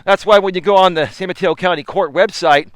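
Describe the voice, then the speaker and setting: A man with a high, clear, smooth voice talks to his live chat as he walks through a park, filming himself on a selfie stick. He chats casually, laughs often and slips into preachy asides. The sound is close and dry. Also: a little fast, dry recording. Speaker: life coach. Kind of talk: live-streamed walking talk. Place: outdoors in a park. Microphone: camera on a selfie stick.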